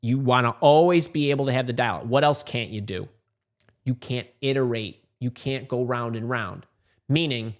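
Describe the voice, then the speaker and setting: A career coach, a man, giving emphatic advice and repeating words for stress. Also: mid-range voice. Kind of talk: emphatic advice talk to camera.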